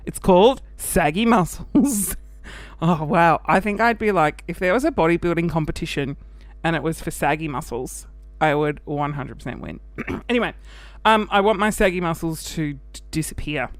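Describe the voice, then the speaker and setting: A man hosting a casual solo podcast, out of breath after the gym, animated and self-mocking, sometimes dropping into a whisper. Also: a little high, normal speed, no echo. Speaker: podcast host.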